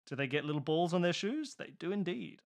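A woman player in a tabletop game chats and jokes as she goes. Her voice is deep for a woman, yet it swings widely in pitch as she talks. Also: expressive, brisk.

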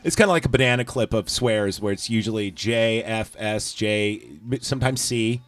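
A man's voice: lowish voice, normal speed, dry recording. A man hosting a casual movie recap chat, rambling with lots of fillers and profanity. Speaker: podcast host.

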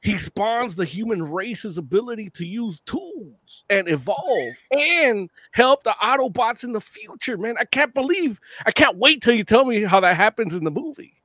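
High, bright-voiced eager male co-host. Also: sing-song, moderate pace, hardly any pauses, dry recording. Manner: eager fan enthusiasm. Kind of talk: casual chat.

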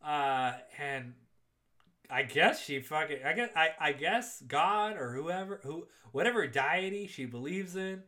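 Young male co-host, bright, slightly high voice, profane and animated movie-recap chat. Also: measured pace. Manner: profane, laughing, animated retelling with quoted voices. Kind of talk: casual chat.

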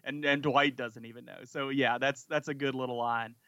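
A man's voice: medium pitch, steady tone, normal speed, bright, forceful tone, no echo, dull audio. A man co-hosting a podcast in casual chat, talking eagerly and rambling with lots of fillers. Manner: enthusiastic, rambling, many "like" fillers. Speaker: podcast co-host.

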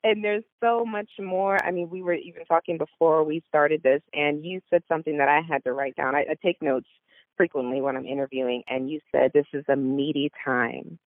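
A woman's voice: low-pitched, fairly even intonation, fairly quick, no room sound, phone-quality sound. Gushing woman podcast host. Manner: gushing, enthusiastic praise. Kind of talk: podcast interview.

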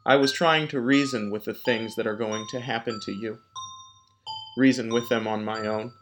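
A man voicing a gentle, sorrowful ghost mother in a storybook, pleading softly, with music behind. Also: lowish voice, steady tone, moderate pace, close to an everyday voice. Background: background music.

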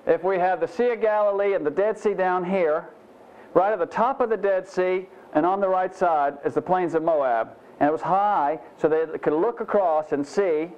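Folksy man teaching a sermon, muffled. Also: fairly high pitch. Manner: folksy, self-deprecating, frequent "you know" asides. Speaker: pastor. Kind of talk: conversational Bible teaching sermon.

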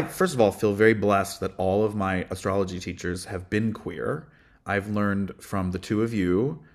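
A man with a low bass voice, a guest voice teacher talking in a casual, reflective way with frequent ums. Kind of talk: casual podcast conversation.

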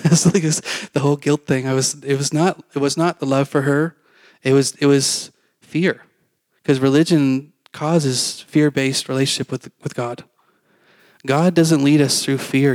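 A man's voice: medium pitch, a little mellow, no room sound. A man preaching a testimony, telling his story in a rambling, conversational way with fillers and acted-out quotes.

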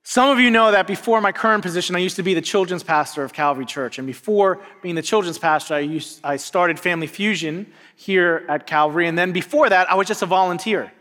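A high, bright-voiced man preaches from a church stage, his words trailing off into a long hall reverb. He tells his story as an animated sermon, pushing higher and more intense as he builds to the climax. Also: brisk, few pauses. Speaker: pastor. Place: church sanctuary.

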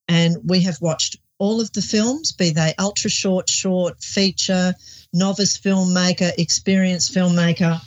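A woman co-hosting a podcast, chatting enthusiastically and laughing easily, heard over a remote connection. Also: on the low side. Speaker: co-host. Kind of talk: casual group chat on a podcast. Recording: dull lo-fi remote audio.

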